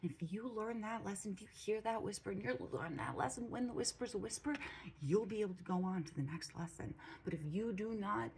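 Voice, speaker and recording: A woman's voice: mid-range voice, expressive, fairly quick, a little hiss or hum, poor audio. A woman giving blunt, profane spiritual advice in a casual monologue, repeating phrases for emphasis. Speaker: spiritual channel host. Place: home room with a cat.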